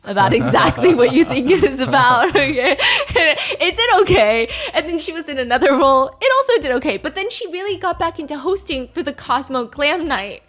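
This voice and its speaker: Animated, laughing woman gossip host. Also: sits high, moderate pace, hardly any pauses, faint music behind. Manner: animated, laughs often, acts out quotes. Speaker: podcast host. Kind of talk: casual gossip storytelling.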